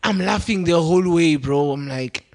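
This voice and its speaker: A young South African man hosting a podcast, telling a story in a relaxed, animated way and laughing often. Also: on the high side, moderate pace. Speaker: podcast host. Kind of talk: casual storytelling chat.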